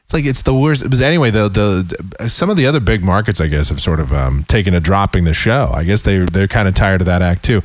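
Brief: snarky male talk-radio host, animated rant, close and dry. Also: low voice, fast, hardly any pauses, no echo. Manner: sarcastic, ranting, lively.

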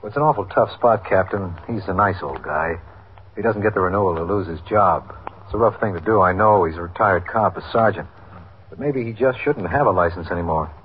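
A man's voice: low-pitched, a little fast, a little hiss or hum, natural voice. A man playing a practical, deferential police inspector in a 1950s radio drama, speaking in a matter-of-fact way. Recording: dull old radio broadcast.

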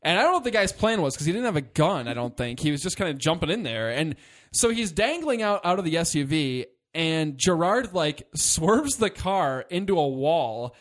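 Animated man retelling movie scenes. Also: on the high side, moderate pace. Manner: animated, laughing retellings with swearing. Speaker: podcast co-host. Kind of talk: casual movie chat.

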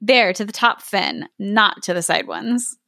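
A woman's voice: medium pitch, measured pace, creaky, bright, forceful tone, no room sound, studio quality. A woman voicing a terse, matter-of-fact male golden fish in a storybook reading.

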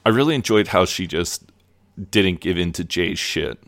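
A man's voice: sits low, animated, moderate pace, fairly bright tone. A man co-hosting a podcast, retelling a TV episode in a loose, chatty way with plenty of fillers. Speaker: podcast co-host. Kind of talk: casual episode recap.

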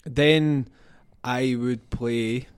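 A man's voice: medium pitch, fairly even intonation, drawn-out words, clean tone, dry recording, clean studio sound. A young Scottish man on a football podcast panel, joking, laughing mid-sentence and making up nicknames. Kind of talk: casual football podcast banter.

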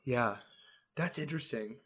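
A young man co-hosting a casual podcast chat, animated and laughing as he drops into silly character voices. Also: mid-range voice, moderate pace, husky. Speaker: podcast co-host, dungeon master.

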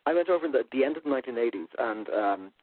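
Irish author guest, wry raconteur, husky, heard down a phone line. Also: male voice, mid-range voice, animated, rapid-fire, no echo. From Ireland. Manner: chatty, self-deprecating storyteller. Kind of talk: radio interview.

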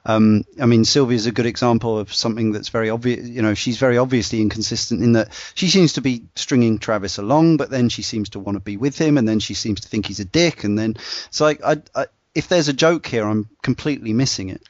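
A man's voice: medium pitch, fast talker, few pauses, no room sound. A man hosting a casual discussion, rambling with many fillers and restarts. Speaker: podcast host. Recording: dull dry lo-fi sound.

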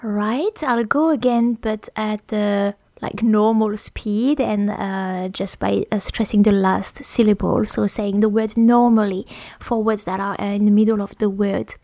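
A woman's voice: mid-range voice, steady tone, measured pace, warm tone, dry recording. A woman teaching French pronunciation on a podcast, hesitant with many fillers and restarts.

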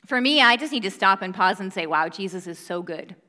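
Young female Bible teacher, mid-pitched, earnest and conversational, recorded in a long-echo hall. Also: lively intonation, fairly quick, sharp tone. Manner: earnest, conversational, many fillers. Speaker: preacher. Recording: reverberant hall.

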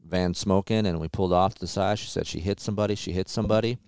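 Male podcast host, deep and smooth, casual storyteller who swears freely. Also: fairly even intonation, fast talker, a little mellow, dry recording, clean studio sound. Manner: laid-back storytelling with frequent swearing. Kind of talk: casual chat.

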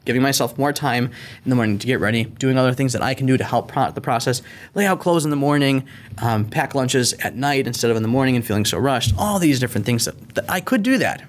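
A middle-aged man hosting a faith-based parenting podcast, earnest and animated, sometimes acting out an angry parent. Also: medium pitch, fast. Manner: earnest, animated, acts out yelling at his kids. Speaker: podcast host.

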